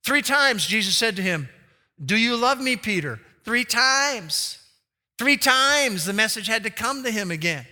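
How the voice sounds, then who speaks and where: A male pastor preaching a sermon in a large hall with a long, ringing reverb. His voice is high-pitched and piercingly bright, and he acts out the quoted lines with big leaps in pitch. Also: animated, measured pace.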